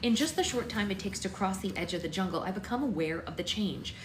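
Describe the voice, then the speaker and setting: A young woman hosting a book club, reading a novel aloud live in a chatty way and pausing to soothe her baby. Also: mid-range voice, animated, noisy background. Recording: echoey room, faint ambience.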